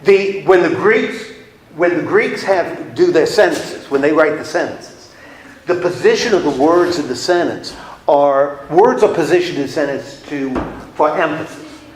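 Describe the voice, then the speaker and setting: Guy teaching a bible class, kinda high voice, joking around, echoey room. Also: unhurried. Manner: chatty, playful, acts out little scenes with laughs. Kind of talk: casual Bible class lecture.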